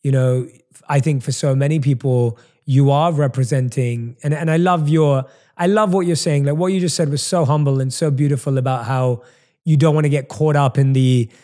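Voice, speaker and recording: A man's voice: medium pitch, steady tone, normal speed, dark tone. A man from London with a London English accent, hosting an interview, effusive and repeating himself as he praises. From London, England. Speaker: interviewer host. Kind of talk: interview conversation.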